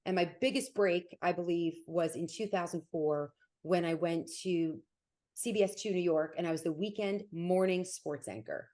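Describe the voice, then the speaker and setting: A woman with a New Jersey accent talks quickly and lively as a guest in a casual interview. Her voice sits slightly low for a woman, and she sounds like someone in her forties. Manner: fast-talking and animated. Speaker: sports broadcaster guest.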